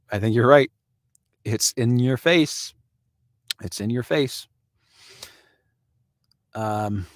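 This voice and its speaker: A man's voice: medium pitch, no echo. Chatty man with a dry close voice. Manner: conversational, chuckles often, answers viewers by name. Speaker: live-stream host. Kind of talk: casual live-stream commentary reading viewer comments.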